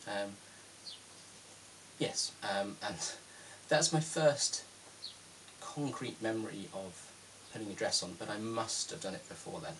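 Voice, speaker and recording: A man's voice: on the low side, unhurried, a bit bright, recorded from a distance. Chatty British man with faint hiss. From London, England. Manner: chatty, self-deprecating, frequent ums. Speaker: YouTuber answering viewer questions. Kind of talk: casual Q&A vlog.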